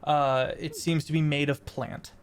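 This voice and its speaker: A woman's voice: low-pitched, fairly even intonation, a little slow, smooth. A woman narrating a tabletop role-playing game as game master, casual with many fillers.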